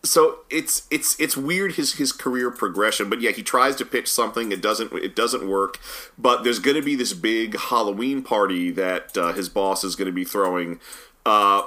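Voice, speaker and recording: A man's voice: fairly low pitch, moderate pace, pushed and bright. A man in casual conversation on a podcast, recapping a movie's plot in a rambling way and laughing as he goes. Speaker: podcast co-host. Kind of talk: casual film review chat.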